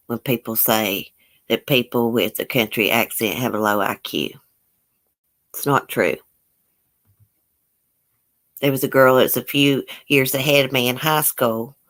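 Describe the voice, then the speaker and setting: A woman's voice: rumbling low, measured pace, long pauses, fairly bright tone. A woman with a Southern US country accent hosting a casual livestream, answering viewer comments in a blunt, outspoken way and swearing freely. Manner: folksy country speech with drawled phrases. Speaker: YouTube livestream host. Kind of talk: casual live chat reading viewer comments.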